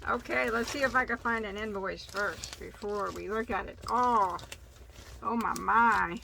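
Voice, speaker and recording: A woman's voice: medium pitch, steady tone, normal speed, gravelly, sharp tone, slight background noise. A woman hosting a casual yarn haul video, chatty and tripping over yarn names. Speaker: crochet channel host.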